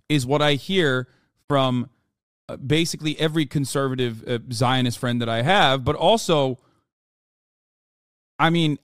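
A man streaming live, reacting to a clip with sarcastic, profane commentary that often erupts into shouted rants. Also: mid-range voice, no echo, clean studio sound.

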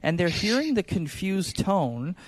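Animated higher-voiced man giving sales advice. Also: a little slow. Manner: animated, acts out sales calls. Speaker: insurance sales podcast panelist. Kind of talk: conversational podcast advice.

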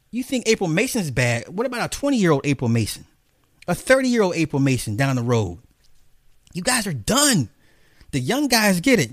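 A man delivering a profane, animated commentary rant, mocking the people he talks about. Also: no room sound, clean studio sound. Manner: profane, animated, mocking, jumps into high mimicking voices. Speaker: commentary host. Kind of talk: ranting commentary monologue.

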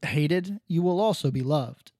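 A man co-hosting a podcast talks in a loose, rambling way, with sardonic asides and plenty of swearing. His voice sits a little high for a man. The sound is close and dry, with no room echo. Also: expressive, a little slow, mellow. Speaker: podcast co-host. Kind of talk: casual podcast chat.

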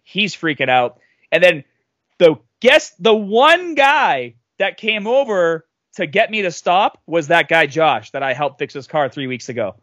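Animated man in his thirties telling stories. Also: fairly high pitch, a little slow, dry recording, lo-fi sound. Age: 30s. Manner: animated, acts out quoted voices loudly. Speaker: podcast guest. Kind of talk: casual storytelling.

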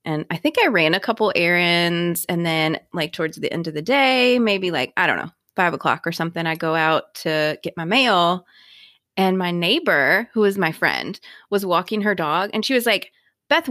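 A woman's voice: moderate pace, no room sound, studio quality. A woman in her thirties co-hosting a podcast, telling a funny story in casual chat and acting out the quotes. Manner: animated storyteller, acts out quotes with big pitch jumps. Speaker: podcast co-host.

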